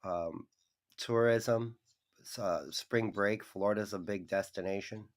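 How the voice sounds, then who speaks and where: A man's voice: fairly low pitch, unhurried. A man co-hosting a casual chat, laughing often and going off on tangents.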